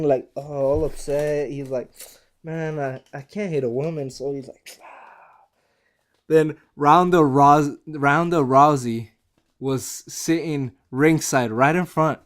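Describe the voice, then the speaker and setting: A man giving a casual spoken review, excitable and chatty and quick to laugh. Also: fairly high pitch. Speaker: show reviewer.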